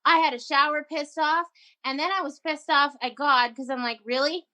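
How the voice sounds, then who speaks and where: A woman telling a personal story in a casual interview, animated and emphatic, acting out her own quoted lines. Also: sits high, normal speed. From Canada. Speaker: guest entrepreneur.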